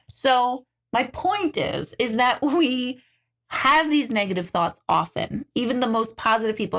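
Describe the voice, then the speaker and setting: A woman hosts a relaxed live stream, answering viewer comments as an intuitive. Her voice sits a little high, and she talks in an animated, loose way, dropping casual swear words and laughing often as she goes.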